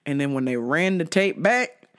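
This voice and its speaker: A man's voice: a little high, animated, moderate pace, fairly bright tone. A man hosting a casual comedy podcast, telling news stories with profanity and frequent laughter. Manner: profane, laughing often, storytelling. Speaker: podcast host.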